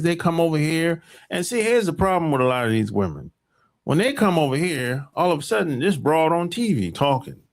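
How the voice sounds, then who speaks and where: An American man hosts a podcast, his medium-pitched voice marked by vocal fry. He delivers a rambling, emphatic opinion monologue packed with profanity.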